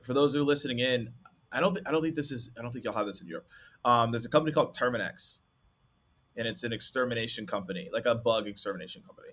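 A man hosting a podcast, telling a sales story in a casual, animated way with many fillers. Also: medium pitch, racing. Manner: animated, talks with many likes. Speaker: podcast host and sales rep.

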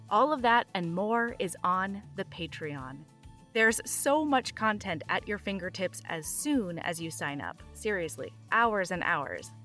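A woman's voice: mid-range voice, fairly bright tone. A woman podcast host reading an upbeat promotional outro.

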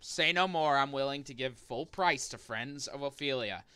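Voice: medium pitch, normal speed, smooth, dry recording, lightly acted. A game master voicing an eager, fawning male merchant who talks to his customers like old friends. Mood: salesy. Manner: overly friendly, loud, salesy. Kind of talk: voicing a character in a tabletop game.

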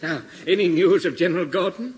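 A man's voice: high-pitched, a little fast, natural voice. A man voicing a blustering, cowardly old army major who barks orders, in 1950s radio comedy. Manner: blustery, barking orders, sudden yelps. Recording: hissy old radio broadcast recording.

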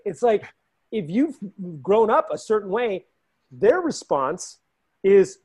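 A man who coaches fighters, chatting casually and telling animated stories, acting out the people he quotes. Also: takes it slowly, breathy edge. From Los Angeles. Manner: animated, acts out quotes with raised pitch. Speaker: fight coach and show regular. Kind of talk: casual chat, storytelling.

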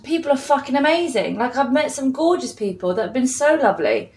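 A chatty woman in her forties talks straight into her phone while out walking. Her voice sits a little high and she swears freely in a blunt, candid way. Loud traffic rumbles around her on the open street. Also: big pitch swings, fairly quick, few pauses. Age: 40s. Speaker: travel vlogger. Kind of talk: casual talk to camera. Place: city streets outdoors. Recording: phone audio with traffic noise.

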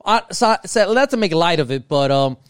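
A man's voice: fairly high pitch, lively intonation, normal speed, clear, resonant tone, no room sound, clean studio sound. A man co-hosting a podcast, chatting casually in a rambling way, swearing freely and trailing off mid-thought. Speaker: podcast co-host.

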